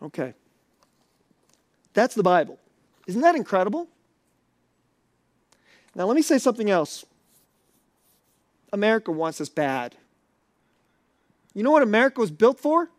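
A man's voice: high voice, very animated, unhurried, long pauses, no echo. A man preaching a sermon to a live audience in a conversational, questioning way.

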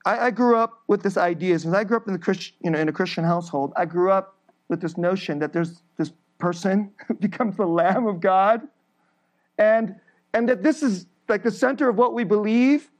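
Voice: mid-range voice, moderate pace. A preacher giving an emphatic sermon, building through repeated phrases and laughing briefly between points.

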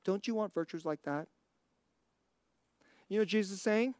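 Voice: mid-range voice, moderate pace, a little mellow, dry recording. A preacher giving a sermon, asking the listeners rhetorical questions and laughing between points.

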